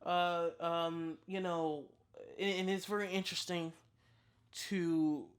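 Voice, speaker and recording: Picture a chatty movie reviewer in their thirties talking straight to camera. Their voice sits in an ordinary middle range and leaps suddenly upward when they get worked up. They keep doubling back, stumbling over words and starting over mid-thought. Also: slow pace. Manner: excitable, with big pitch jumps and frequent restarts. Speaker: movie reviewer, channel host. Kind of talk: casual spoken film review.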